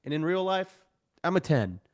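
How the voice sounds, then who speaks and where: A man in his thirties appears as a podcast guest, telling stories in a casual, animated way, acting out the voices of the people in them with self-deprecating humor. His voice is a little high, at normal speed.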